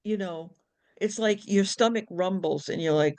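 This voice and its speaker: A woman nurse chatting on a video call with friends, animated, acting out inner voices, with many restarts and casual swearing. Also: on the low side, moderate pace. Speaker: nurse, book club member.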